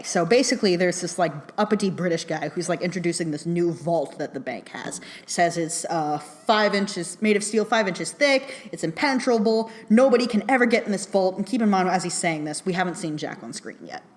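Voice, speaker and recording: A woman with a fairly low voice talks through a film review in a loose, chatty way. She fills her sentences with "like" and "um", laughs easily, and drops casual swears while retelling scenes. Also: moderate pace. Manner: chatty, laughing often, heavy use of "like" and "um" fillers.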